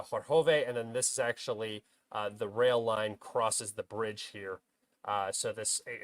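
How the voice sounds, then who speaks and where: A young man hosting a livestream, casually talking through a war map with many uh and um fillers. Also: medium pitch. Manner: filler-heavy, many uh and um restarts; bursts into loud frustrated shouting at himself. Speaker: host of a military map analysis stream.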